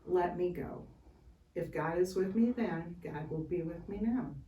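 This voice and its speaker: Woman playing a brave little shepherd boy, earnest and pleading, slow, echoey and far off. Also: fairly low pitch, dark tone, close to an everyday voice. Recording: roomy, from far off, faint hiss.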